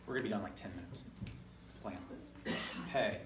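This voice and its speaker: A man with a lowish voice teaches a classroom lesson at a fairly quick pace, energetically leading call-and-response drills and correcting himself along the way. The audio is very noisy, captured from far off in an echoey classroom.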